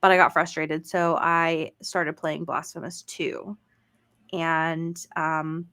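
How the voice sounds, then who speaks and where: A woman's voice: low voice, flat delivery, slow, pushed and bright. A woman co-hosting a gaming podcast, chatting casually with lots of fillers and laughter. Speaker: podcast co-host. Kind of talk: casual chat.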